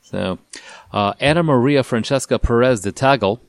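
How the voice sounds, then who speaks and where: A man's voice: medium pitch, normal speed, vocal fry, no echo, studio quality. A man co-hosting a podcast in laid-back casual chat, moving the segments along. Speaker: podcast co-host.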